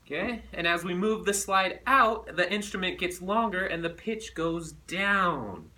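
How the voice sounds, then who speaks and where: A man teaching a recorded music lesson to children, animated and playful as he demonstrates. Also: sits high, measured pace, far from the mic.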